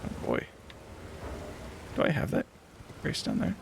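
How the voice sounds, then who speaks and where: A man's voice: fairly high pitch, wildly swooping pitch, slow, creaky, pauses often, breathy edge. A man streaming a game live, chatting casually and playfully while he plays, often laughing and teasing what happens on screen. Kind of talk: casual live gameplay commentary.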